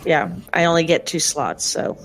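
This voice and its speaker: A woman's voice: on the low side, normal speed, vocal fry, over music. A woman playing a tabletop game, talking casually and hesitantly with many ums. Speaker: player.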